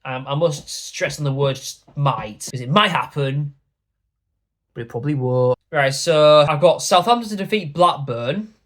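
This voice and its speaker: Young man, football YouTuber, foul-mouthed and blunt, voice sits a touch high. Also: unhurried, fairly bright tone. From York, England. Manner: sweary, rambling, blunt. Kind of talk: casual football predictions rant.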